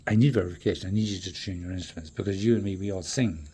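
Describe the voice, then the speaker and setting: A man in a rambling, profane monologue that swings between loud outbursts and low mutters. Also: lively intonation, quick pace, hardly any pauses, breathy edge.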